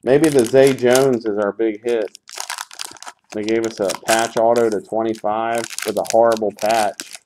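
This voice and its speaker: A man's voice: fairly low pitch, little pitch movement, measured pace, darkish tone, a little hiss or hum. A man hosting a live sports card break, calling out pulls in a sarcastic, grumbling, profane way.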